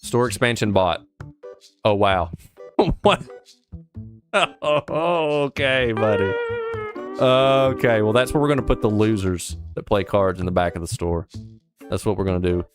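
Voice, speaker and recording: A man's voice: lowish voice, unhurried, long pauses, over music. A man casually commenting on a shop game, joking and chatting with his customers. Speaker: gaming streamer.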